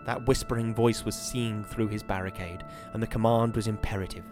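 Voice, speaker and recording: A man hosting a podcast, giving a measured, dramatic reading of a horror novel and then chatting about it. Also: fairly low pitch, steady tone, music in the background. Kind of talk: dramatic reading and casual commentary.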